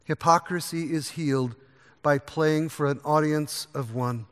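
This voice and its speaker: A man preaching a sermon from the pulpit, earnest and varied, quieter during prayer. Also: on the high side, a little slow, smooth. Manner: earnest, varies pace, drops to a soft voice in prayer. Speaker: pastor. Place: church sanctuary. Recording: long echo of a large church hall.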